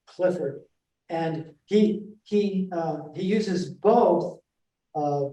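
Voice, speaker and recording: A man presenting a class in a library room, talking in a halting way with many fillers and restarts and often checking in with his listeners. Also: a little high, warm tone. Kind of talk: classroom talk on reading verse aloud. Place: library meeting room, indoors. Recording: echoey room, voice from far off.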